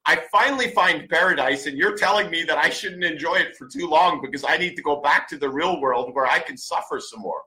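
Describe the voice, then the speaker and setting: A man's voice: on the high side, brisk, hardly any pauses, sharp tone, poor audio. A man in his forties hosting a podcast, delivering a blunt motivational monologue full of swearing and repeated commands. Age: 40s. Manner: emphatic, blunt, swears often; preachy, repeats commands for stress. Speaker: podcast host.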